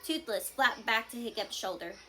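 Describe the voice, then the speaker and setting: A woman reading a children's novel aloud to a class, with expressive storytelling. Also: on the high side, normal speed, slight background noise.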